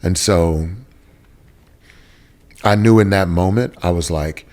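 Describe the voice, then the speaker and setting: Man, deep voice, earnest interview guest sharing a raw personal story, casual and emotional. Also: slow, a little mellow. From Texas, USA. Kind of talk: candid personal testimony in a sit-down interview.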